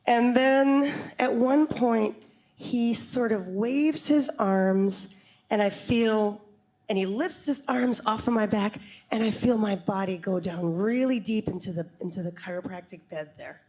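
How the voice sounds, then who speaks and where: A woman telling a true story live on stage to an audience, animated and quick to laugh, with comic asides. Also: mid-range voice.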